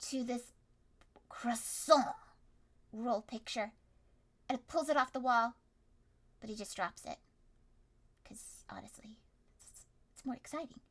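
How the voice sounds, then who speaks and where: Brief: young woman streamer, high bright voice, playful improvised storytelling. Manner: playful, animated, swings from loud to hushed. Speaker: streamer running an interactive story.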